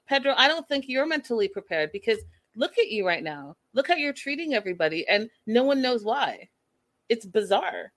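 A woman hosting a casual recap of a reality show, gossipy and animated, laughing at the scenes she retells. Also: on the high side. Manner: animated, gossipy, laughs at her own quotes. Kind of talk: casual chat.

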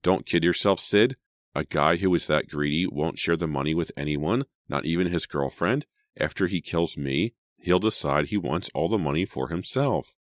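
A man's voice: very deep voice, normal speed, hardly any pauses, no room sound, clean studio sound. A man voicing a frightened, bitter teenage girl in an audiobook, speaking grimly and insistently. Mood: cold. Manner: grim and insistent. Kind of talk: audiobook character voice.

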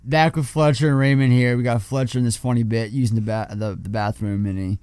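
A man's voice: medium pitch, fast talker, smooth, no room sound. Dry-sounding man recapping a film. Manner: steady plot summarizing. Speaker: podcast host.

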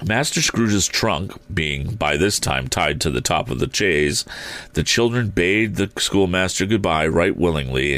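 A man narrating a classic story aloud in an expressive, theatrical way. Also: sits low, dry recording. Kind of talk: audiobook reading.

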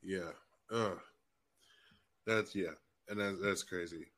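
A man's voice: sits low, fairly even intonation, takes it slowly, background noise. A man hosting an interview podcast, talking casually in loose, filler-heavy phrasing with some swearing. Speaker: podcast host.

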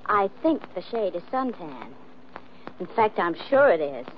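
A woman's voice: medium pitch, very animated, a little slow. An actress playing a playful, jealous young girlfriend in 1940s radio acting style. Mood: teasing. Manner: playful teasing. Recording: dull old radio broadcast with faint hiss.

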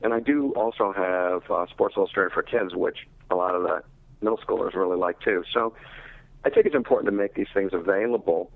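A man, a literacy researcher and teacher, explaining his findings in a thoughtful, measured way during an interview. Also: low-pitched, gravelly, no echo. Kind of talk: interview over phone. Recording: tinny phone line.

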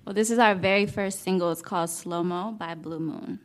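A woman's voice: lowish voice, moderate pace. A woman who is a guest singer, chatting relaxedly on a podcast in a studio and laughing often. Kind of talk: casual podcast chat.

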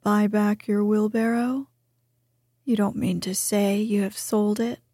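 A woman's voice: mid-range voice, level tone, slow, warm tone, breathy edge, no echo, studio quality. A woman voicing a selfish, self-satisfied miller who lectures, in whispered role-play. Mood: smug.

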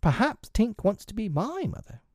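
A man's voice: high voice, huge pitch swings, moderate pace, darkish tone, breathy edge, no room sound, voice pushed up, full character voice. A young boy who is easily puzzled and a little apologetic speaks in a lifted, bouncy voice, acted out by a man reading a story. He talks frankly and plainly. The sound is dry and close. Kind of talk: storybook character voice.

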